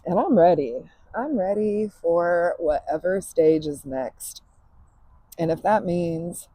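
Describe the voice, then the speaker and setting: Female podcast host, mellow husky voice, candid and emphatic, outdoor backyard monologue. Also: lowish voice, poor audio. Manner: emphatic, swears freely, laughs often.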